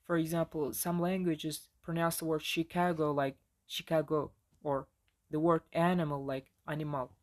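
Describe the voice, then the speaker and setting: A man's voice: a little high, level tone, moderate pace. A man with a Turkish accent, a native Turkish speaker, giving a casual recorded lesson with frequent fillers and restarts. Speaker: language teacher. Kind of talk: recorded lecture on pronunciation.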